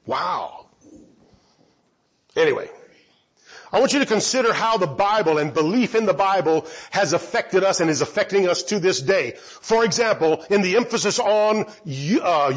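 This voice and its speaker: Lively high-voiced male Bible teacher. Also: highs cut off. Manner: asks rhetorical questions and answers them.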